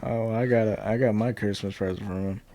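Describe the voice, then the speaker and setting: A young man as a podcast guest, trading joking, deadpan one-liners in casual chat. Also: on the low side, brisk, no room sound.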